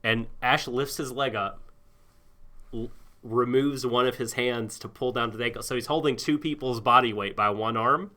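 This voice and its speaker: A man's voice: mid-range voice, steady tone, moderate pace, bright, forceful tone. A man co-hosting a podcast, discussing anime in a rambling, hesitant way with many restarts. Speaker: podcast co-host.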